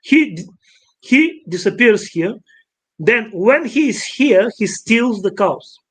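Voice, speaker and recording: A man explaining an ancient myth against a sky chart, halting and often repeating and restarting his phrases. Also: high voice, animated, fairly bright tone. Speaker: astrologer interviewee.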